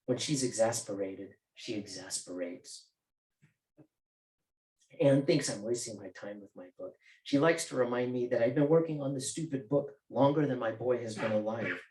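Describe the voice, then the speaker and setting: A man's voice: mid-range voice, moderate pace, warm tone. A male author reading from his novel at a bookstore event, with casual joking asides. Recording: roomy bookstore echo.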